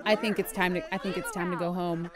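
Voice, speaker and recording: A woman's voice: on the low side, fairly even intonation, quick pace, a crowd in the background. A young adult woman casually commentating a life-sim game, chatty and playful, often laughing. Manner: chatty, giggly, playful self-narration. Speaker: gaming YouTuber. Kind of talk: casual let's-play commentary.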